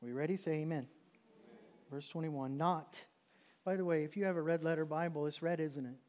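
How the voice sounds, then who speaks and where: A male pastor delivering a sermon in a slightly higher-than-average voice. He drops to a hushed, intense tone to drive points home, then bursts into loud pleading when acting out the words of others. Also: fairly even intonation, normal speed.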